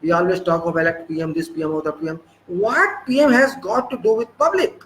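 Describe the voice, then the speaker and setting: Man, Indian English accent, high voice, scolding, rhetorical questions, lecture. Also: fairly quick, fairly bright tone, low-quality recording. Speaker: political speaker. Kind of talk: impassioned lecture.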